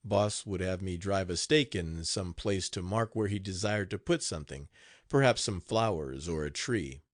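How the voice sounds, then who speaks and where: A man reading an audiobook aloud in an expressive, animated way. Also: low voice, moderate pace, dry recording, studio quality. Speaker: audiobook narrator. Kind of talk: scripted audiobook narration.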